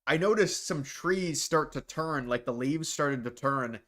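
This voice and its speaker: A man's voice: fairly high pitch, measured pace, a bit bright. A man from Ohio hosting a casual livestream, rambling bluntly through viewer questions with frequent restarts. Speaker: livestream host.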